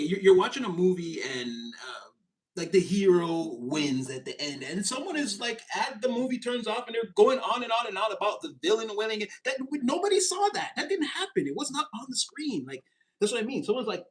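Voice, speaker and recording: A man giving a casual tarot reading, animated and laughing, slipping into mocking voices. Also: high-pitched, poor audio. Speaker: tarot reader.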